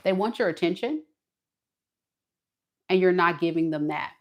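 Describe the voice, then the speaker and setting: A woman giving a casual tarot reading straight to the viewer, expressive and dramatic as she acts out what the other person thinks. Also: on the low side, measured pace. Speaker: tarot reader.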